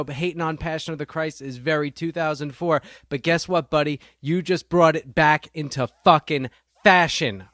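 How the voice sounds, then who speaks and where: A man's voice: a little high, fairly bright tone, dry recording, clean studio sound. A man delivering a profane, sarcastic comedic rant straight to the listener. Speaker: comedic ranter.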